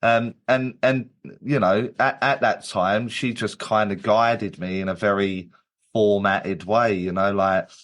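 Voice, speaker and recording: A man's voice: on the low side, steady tone, a little slow, a bit bright. A man, a medium and guest, telling his story in casual chat with many restarts and fillers.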